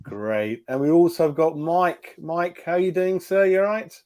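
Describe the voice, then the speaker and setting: A man's voice: on the high side, expressive, unhurried, darkish tone. A man hosting a casual fan talk show, chatty, often repeating words and using fillers. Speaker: host. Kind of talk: casual chat.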